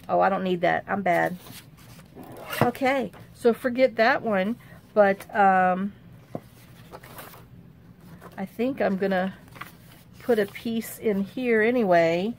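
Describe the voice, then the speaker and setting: A woman hosting a casual crafting tutorial. She thinks aloud in a rambling, chatty way and often drops into quiet muttering to herself as she works. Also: mid-range voice, slow, creaky, long pauses, a little hiss or hum. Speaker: crafting channel host.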